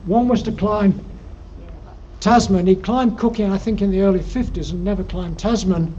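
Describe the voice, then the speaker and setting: In a lecture room, an alpine club's guest speaker, an older man with a Yorkshire accent, gives a rambling, dryly humorous slide-show talk built on anecdotes and punctuated by frequent ums. He speaks fairly high for a man, in a mellow, dark voice with fairly even intonation. The lo-fi recording is dull, with faint noise.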